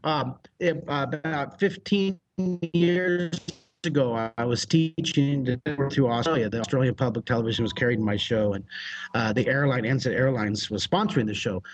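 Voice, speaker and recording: An American man, a drawing teacher, telling a story as a guest with exuberant energy, laughs and shouted sound effects. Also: medium pitch, moderate pace. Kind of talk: animated storytelling.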